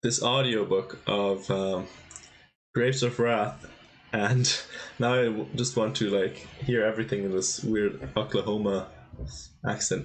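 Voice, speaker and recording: A man's voice: on the low side, fairly even intonation, unhurried. A man giving casual live chess commentary on a stream, thinking aloud and exclaiming at the players' mistakes.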